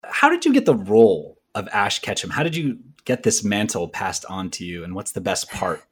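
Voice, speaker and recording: Husky, animated male interview host. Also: lowish voice, normal speed. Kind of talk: playful interview hosting.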